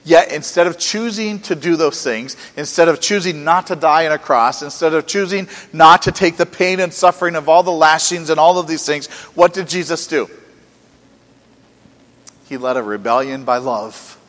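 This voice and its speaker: A man's voice: a little high, moderate pace, fairly bright tone. Earnest preacher man in a reverberant hall. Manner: earnest, rising and falling with emphasis, rhetorical questions. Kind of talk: sermon.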